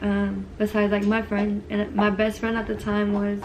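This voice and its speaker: A young woman speaks in a casual storytime vlog, her pitch sitting in a middle register. She talks hesitantly, leaning on fillers and restarts, and her voice grows quiet and subdued. A faint noise sits under the recording. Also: monotone, normal speed. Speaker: vlogger.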